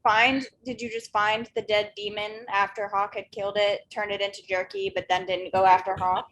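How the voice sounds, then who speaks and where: A woman's voice: medium pitch, level tone, moderate pace, a bit bright, a little hiss or hum, rough recording. A woman playing a tabletop game, explaining things matter-of-factly. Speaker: player.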